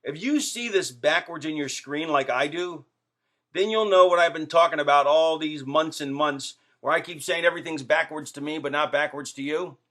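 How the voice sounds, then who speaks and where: A man's voice: a little high, moderate pace, bright, forceful tone. A middle-aged man rambling jokily to his fans in a casual vlog to camera, full of fillers and asides. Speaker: wrestler vlogging to fans. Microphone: camera facing the speaker.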